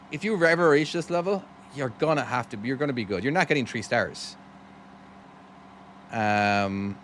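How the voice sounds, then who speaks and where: Playing a trucking game on a live stream, an Irish man from Cork, his accent softened by years in America, chats casually with viewers and thanks them. His voice is a little high, with slight background noise.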